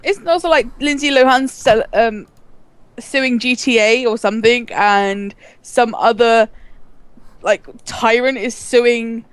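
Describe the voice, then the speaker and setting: A woman co-hosting a casual gaming podcast, quick and chatty with a teasing streak. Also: a little high, smooth, no echo. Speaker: podcast co-host.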